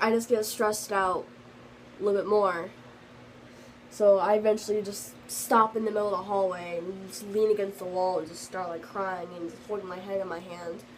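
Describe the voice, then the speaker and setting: A woman's voice: mid-range voice, darkish tone, slight background noise, low-quality recording. Rambling teenage girl telling a story. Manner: rambling, lots of fillers. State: slightly sick. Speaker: vlogger. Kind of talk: casual storytime vlog.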